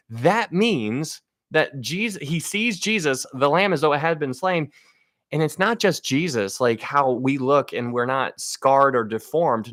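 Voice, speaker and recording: A man's voice: a little high, normal speed, a bit bright, no room sound, clean studio sound. A man giving a casual Bible teaching on a livestream, speaking to viewers with enthusiasm and frequent restarts.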